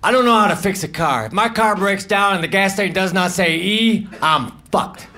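A man performing live stand-up comedy, delivering deadpan one-liners with mumbled self-deprecating asides. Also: sits high, moderate pace. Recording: noisy live club recording with audience laughter.

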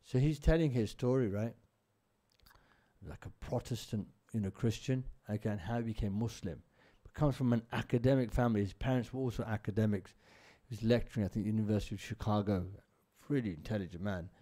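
Speaking a little fast in a lowish, mellow voice, a religious teacher gives an informal lesson at a mosque. He narrates stories conversationally and frequently checks in with "right?"

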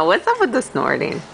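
A woman talks to her baby in a playful, sing-song voice full of laughter. Her pitch sits a little high and leaps wildly up and down, and she stretches her words out slowly. It is recorded at home on a phone, with a faint hiss behind her. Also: creaky, sharp tone. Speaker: mother. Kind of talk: home video baby talk. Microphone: phone camera.

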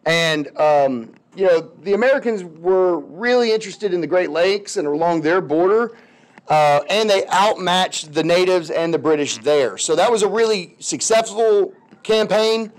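A man with a high voice and a drawl teaching history in a loose, conversational way. He talks like he's chatting with students, full of slang. He keeps slipping into little voices for the people he quotes. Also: lively intonation, a little slow. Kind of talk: casual classroom lecture.

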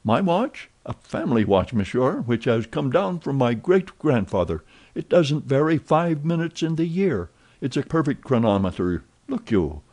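A man voicing an excitable, talkative young French manservant in an audiobook, eager and full of exclamations. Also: medium pitch, normal speed, hardly any pauses, voice pushed up. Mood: excited chatter.

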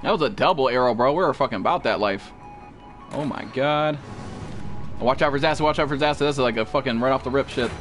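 A young man streaming a survival game live, excitable and profane, yelping and shouting at enemies as he plays. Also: medium pitch, quick pace. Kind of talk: live gaming commentary. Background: game music.

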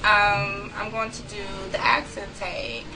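A young woman, vlogging casually from home, chatty and quick to laugh. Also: medium pitch, steady tone, low-quality recording. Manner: chatty, laughs easily, talks to viewers. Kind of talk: casual vlog, reading a word list aloud. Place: room at home.

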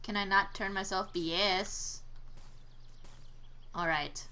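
A woman's voice: fairly low pitch, steady tone, slow pace, pauses often, sharp tone. A young woman giving casual let's-play commentary, exclaiming at failures and trading sarcastic asides with the game. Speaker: gameplay commentator.

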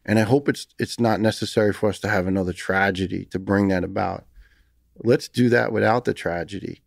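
A man in his fifties with a New York accent tells his stories earnestly and with emphasis. His voice sits low and gravelly, and the recording is close and dry. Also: steady tone, a little fast, no echo. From United States. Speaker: retired firefighter guest. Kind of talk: podcast interview.

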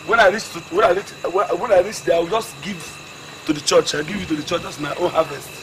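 A man's voice: high voice, fast, background noise, natural voice. An actor with a Nigerian English accent playing a lazy, grumbling father who scolds and mocks his son, stumbling over his words. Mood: mocking scolding. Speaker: film actor. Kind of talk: comic film acting.

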